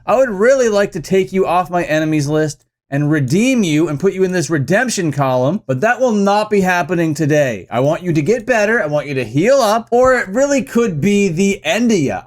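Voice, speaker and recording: Sarcastic high-voiced male commentator. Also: lively intonation, moderate pace, few pauses. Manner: sarcastic, mock-confrontational. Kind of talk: casual commentary vlog.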